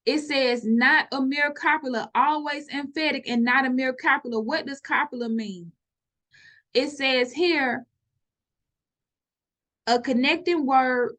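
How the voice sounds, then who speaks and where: Slow, deliberate woman teaching scripture. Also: high-pitched, fairly bright tone. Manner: slow, reads definitions aloud, many fillers. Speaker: religious teacher. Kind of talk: screen-share scripture study.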